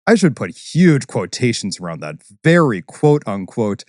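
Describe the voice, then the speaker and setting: A man, a baritone singer and voice instructor, explaining ideas in an articulate, teacherly way as a podcast guest. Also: very animated, normal speed, a little mellow, no room sound, clean studio sound. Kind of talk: podcast interview.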